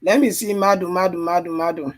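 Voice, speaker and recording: A trading livestream host coaches viewers through live chart analysis in a high-pitched, fairly even voice, speaking a little fast. He sounds strained and tired, repeats phrases, and keeps checking "you understand?"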